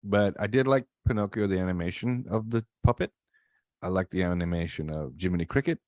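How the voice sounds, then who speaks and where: A man co-hosting a podcast, giving a relaxed spoken review. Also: sits low, brisk, no room sound. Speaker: podcast co-host. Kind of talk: casual chat.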